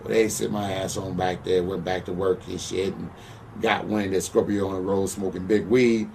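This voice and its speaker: A former wrestler in an interview, telling crude stories in a slightly low voice and swearing all the time. He sounds boastful and blunt and keeps checking "you know what I'm saying?" The mic sits some way off, with a faint hiss of background noise. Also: fairly even intonation, normal speed, gravelly, a little mellow, distant mic. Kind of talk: profane shoot-interview storytelling.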